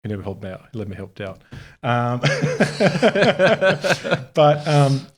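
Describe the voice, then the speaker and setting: A man from Bosnia and Herzegovina, a guest on an interview show, telling a casual, lively story with frequent laughter and informal, sometimes profane talk. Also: medium pitch, fairly quick. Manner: animated, laughs often, acts out other people's lines. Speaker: interview guest, art supply store founder.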